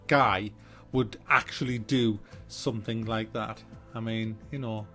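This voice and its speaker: A man's voice: mid-range voice, slow pace, soft background music. A man hosting a casual gaming news vlog, joking, swearing freely and rambling from topic to topic. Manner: animated, joking, sweary, jumps between topics. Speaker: gaming channel host.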